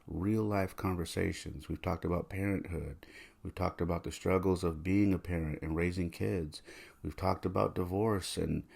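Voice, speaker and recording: A man in his thirties talks through a personal memory on his podcast, soft-spoken and rambling, circling back over his words. His voice sits very low with a gravelly fry and a husky edge. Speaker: podcast host. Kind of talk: reflective personal monologue.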